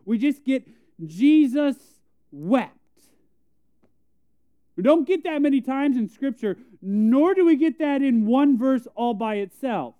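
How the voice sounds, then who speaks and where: A man's voice: very high-pitched, animated, slow, dry recording. A young man preaching a conversational sermon, telling self-deprecating stories and acting out quotes. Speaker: pastor. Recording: tinny phone-like sound.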